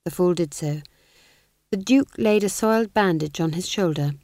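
A woman narrating a comic fantasy audiobook with expressive, measured storytelling. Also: fairly low pitch, dry recording, clean studio sound.

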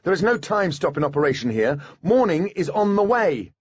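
A man's voice: high voice, sing-song, normal speed, breathy edge, muffled recording, pitched above the performer's own voice, full character voice. A man doing a curt, impatient fairy woman. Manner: curt, commanding. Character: brisk, impatient female fairy officer.

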